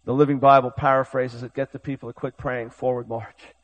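A man preaching a sermon with urgent, impassioned delivery, swinging from loud exhortation to hushed storytelling. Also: medium pitch, flat delivery, brisk, rough recording.

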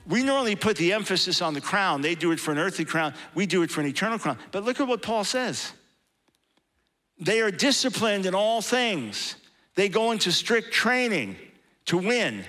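Bright, high-pitched impassioned male preacher. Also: very animated, moderate pace. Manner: impassioned, building to emphatic peaks. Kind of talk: sermon.

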